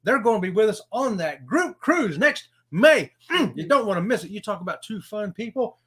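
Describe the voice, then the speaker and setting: Male co-host, high and bright, folksy and upbeat, live chat reader. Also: sing-song, normal speed. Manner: folksy and upbeat, says y'all and howdy. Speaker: co-host of a cruise channel livestream. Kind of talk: casual livestream chat, reading viewer comments.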